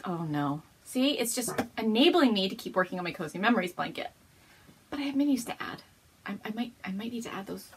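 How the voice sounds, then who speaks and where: A woman's voice: mid-range voice, a bit bright, slight background noise. A woman hosting a casual show-and-tell episode at home, gushing and bubbly, often laughing as she talks. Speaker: podcast host.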